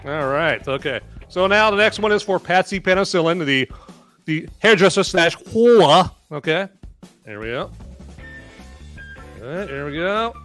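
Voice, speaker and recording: A man's voice: fairly high pitch, normal speed, long pauses, soft background music. A man hosting a comedy podcast, joking around and reading out character descriptions. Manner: jokey, animated, rambling. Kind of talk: casual podcast chat and scripted read-out.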